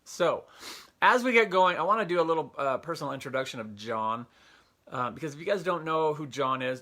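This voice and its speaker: Young male livestream host, bright and forceful tone, slightly high voice, upbeat and chatty, earpiece mic. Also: animated, a little fast. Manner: upbeat, greets viewers by name, many fillers. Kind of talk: casual livestream chat. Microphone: Bluetooth earpiece.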